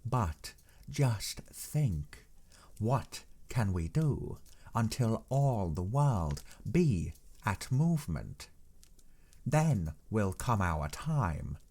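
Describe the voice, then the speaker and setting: A man voicing an old, learned professor who speaks in a measured, earnest, persuading way in an audiobook reading. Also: lowish voice, darkish tone, heavily acted. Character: old learned male professor, grave and insistent.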